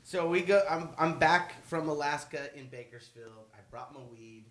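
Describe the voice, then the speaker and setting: A man telling a story with lots of swearing, dropping to mumbles and then bursting out loud with laughter. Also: fairly high pitch, moderate pace, background noise. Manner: swings from mumbled asides to loud, laughing outbursts. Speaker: guest storyteller. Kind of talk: animated storytelling.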